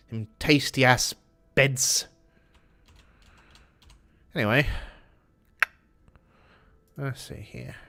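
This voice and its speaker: A man streaming a game, chatting with viewers and cursing casually in a put-on British accent. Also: medium pitch. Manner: chatty, swears often, answers chat while playing. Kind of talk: casual gameplay commentary.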